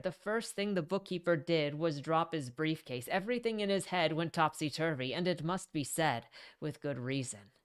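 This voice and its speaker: Woman reading a book out loud, lowish smooth clear voice, fixes her slips as she goes. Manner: animated, casual, correcting her own slips. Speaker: reader. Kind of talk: reading a novel aloud.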